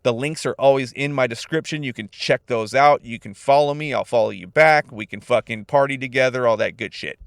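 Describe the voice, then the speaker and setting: A young man from California hosting a casual solo podcast, laid-back, profane and animated. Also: mid-range voice, brisk, creaky, few pauses, no room sound. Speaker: podcast host.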